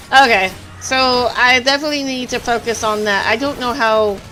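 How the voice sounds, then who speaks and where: Female streamer, Southern drawl, slightly high-pitched, easygoing chatter over soft game music. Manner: chatty, laughs easily. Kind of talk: casual live-stream chat while gaming.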